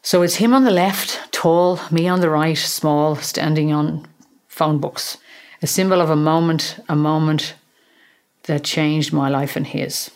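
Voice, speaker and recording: A woman's voice: sits low, steady tone, unhurried. A middle-aged woman, a counsellor, telling a candid and emotional personal story on her podcast, swearing casually now and then.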